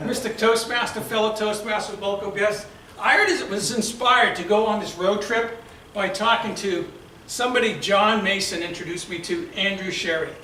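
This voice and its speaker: High, bright-voiced man with a Boston accent. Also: moderate pace, a little hiss or hum. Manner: lively storyteller, acts out shouted quotes. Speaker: club speaker. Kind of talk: prepared storytelling speech. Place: club meeting room. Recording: echoey room from far off.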